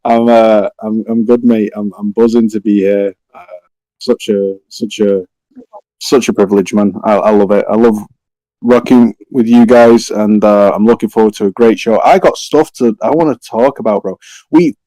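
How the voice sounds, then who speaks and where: A man with a Manchester accent on a gaming podcast panel, talking in a relaxed, slangy, rambling way. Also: on the low side, normal speed, no room sound, rough recording. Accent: Manchester English. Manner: laid-back, slangy, rambling. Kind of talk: casual panel chat.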